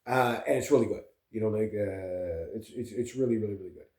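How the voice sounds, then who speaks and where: A man's voice: lowish voice, brisk, a little mellow, echoey room. A man, a vlogger and musician, chatting casually and rambling between topics with lots of fillers and restarts. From Canada.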